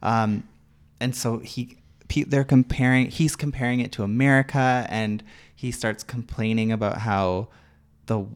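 A man co-hosting a casual podcast, chatting and retelling a talk show segment with lively quoted lines. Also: mid-range voice, a little slow, clear, resonant tone. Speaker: podcast co-host.

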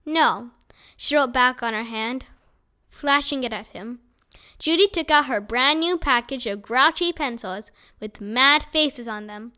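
A woman with a high, bright voice reads a children's chapter book aloud. Her telling is lively and expressive, shaping each sentence for young listeners. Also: unhurried, smooth. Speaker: audiobook reader.

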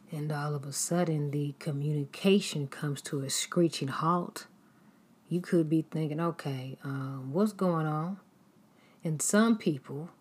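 A woman's voice: low voice, darkish tone, husky. A woman giving an earnest devotional talk, asking her listeners rhetorical questions. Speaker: Christian speaker.

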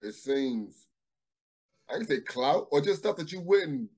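Reflective man, higher voice. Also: animated, a little mellow, poor audio. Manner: reflective, halting, restarts his thoughts. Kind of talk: casual chat.

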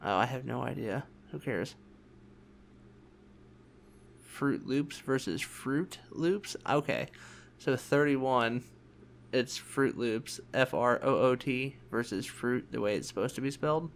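A man's voice: mid-range voice, slow, gravelly, slight background noise. A man co-hosting a casual podcast, chatting and telling childhood stories with acted-out quotes. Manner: chatty storyteller, acts out quoted voices. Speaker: podcast co-host. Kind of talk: casual chat.

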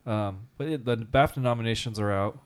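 A man co-hosting a casual podcast, a teacher who tells animated stories, acts out quotes and talks with many fillers. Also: fairly low pitch, fairly quick, smooth. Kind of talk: casual chat.

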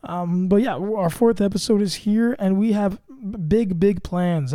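A man's voice: sits high, a little slow, few pauses, mellow, no echo. A man hosting a casual comedy podcast, bragging in a mock-grandiose, self-mocking way. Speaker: podcast host.

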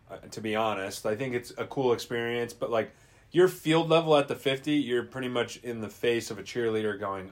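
A man's voice: medium pitch, a little fast. A man co-hosting a podcast in casual chat, laid-back and profane, chiming in with reactions. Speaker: podcast co-host.

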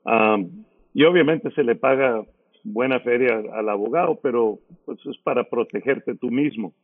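Middle-aged radio DJ, phone-like sound. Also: male voice, medium pitch, a little fast. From San Antonio, Texas. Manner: lively storyteller, acts out others' lines. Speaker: radio DJ, interview guest. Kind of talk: casual storytelling.

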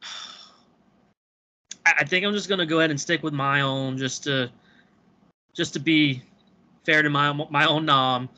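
Bright-voiced man, measured podcast chat. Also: fairly high pitch, steady tone, dull audio. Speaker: podcast co-host.

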